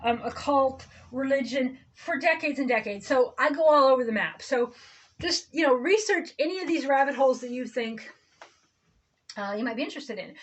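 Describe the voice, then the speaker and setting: High-voiced woman on a sarcastic spiritual ramble. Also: expressive, fairly quick, low-quality recording. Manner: sarcastic, digressive, self-interrupting. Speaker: reverend, online host.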